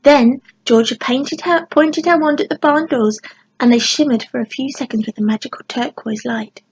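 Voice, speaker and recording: A woman narrating a children's storybook in a gentle, expressive bedtime reading. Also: sits high, moderate pace, slightly rough, dull audio. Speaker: audiobook narrator.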